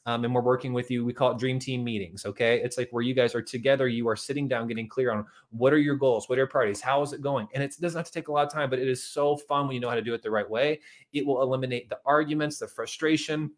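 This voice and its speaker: A man coaching couples on money, talking in an energetic, chatty way and often calling his listeners "guys". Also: mid-range voice, fast. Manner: energetic, chatty, keeps saying "guys" and "okay". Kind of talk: motivational talk to couples.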